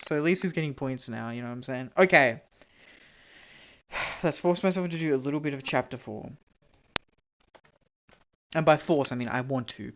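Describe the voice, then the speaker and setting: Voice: medium pitch, lo-fi sound, slight background noise. A young-adult game streamer from Canada, chatting casually, rambling, self-mocking and swearing freely. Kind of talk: casual live-stream chat.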